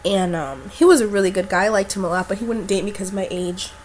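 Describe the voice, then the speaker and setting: A woman's voice: medium pitch, lively intonation, fast, darkish tone, a little hiss or hum. Chatty, foul-mouthed young woman telling a story. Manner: chatty, blunt and profane, with lots of fillers. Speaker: vlogger. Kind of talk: casual storytelling to camera.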